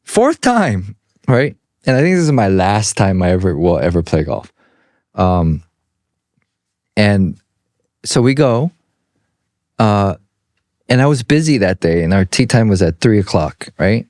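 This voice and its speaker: A man's voice: fairly low pitch, unhurried, long pauses, no echo, studio quality. A middle-aged man co-hosting a podcast, telling stories in a casual chat and acting out the people in them. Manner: animated storyteller who acts out other people's voices. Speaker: podcast co-host.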